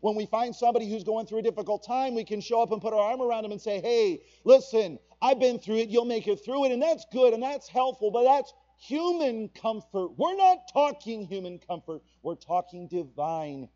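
A man's voice: high voice, animated, moderate pace, few pauses, dark tone, highs cut off. A man preaching a sermon as pastor, swelling and dropping in volume and drawing out words for emphasis.

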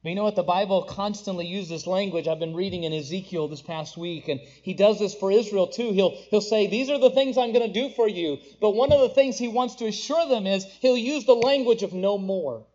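Preaching briskly with few pauses, this young pastor has a rather high voice for a man. His sermon swings between loud, emphatic proclamations and gentle, tender moments, captured on a dull, lo-fi recording.

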